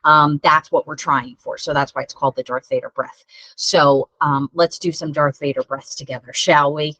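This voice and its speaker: A woman teaching children a mindful breathing lesson, gentle and encouraging, laughing at herself when it goes wrong. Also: low-pitched, fairly even intonation, moderate pace, no room sound, rough recording. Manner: gentle, encouraging, self-deprecating. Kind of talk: guided breathing lesson for kids.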